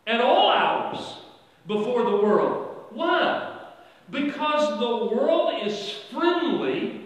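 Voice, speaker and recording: A male pastor preaching a sermon, swinging from quiet asides to loud, drawn-out emphatic phrases. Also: extremely high pitch. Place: church sanctuary. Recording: echoey church hall from far off.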